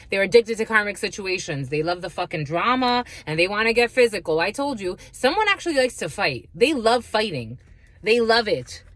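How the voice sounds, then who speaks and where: A woman's voice: mid-range voice, a bit bright, no room sound. A woman giving a casual spiritual reading, blunt and profane, laughing often and calling listeners her lovies. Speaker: spiritual reader.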